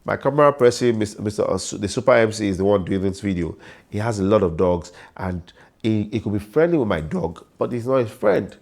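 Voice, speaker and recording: A man's voice: fairly low pitch, expressive, a little fast, vocal fry, a little mellow. A middle-aged man, an MC and comedian giving informal, repetitive career advice full of sayings. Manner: informal, repetitive, preachy with proverbs. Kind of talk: casual advice monologue.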